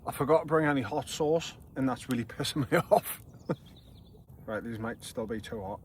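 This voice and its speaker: A man's voice: medium pitch, moderate pace, a little hiss or hum. A man in his thirties with a Geordie accent, hosting a casual camping vlog outdoors by a campfire at night, chatty and swearing freely. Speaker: vlogger host.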